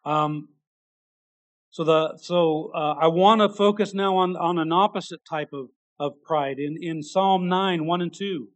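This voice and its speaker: Man, high voice, sermon, earnest, halting restarts, emphatic bursts. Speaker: preacher.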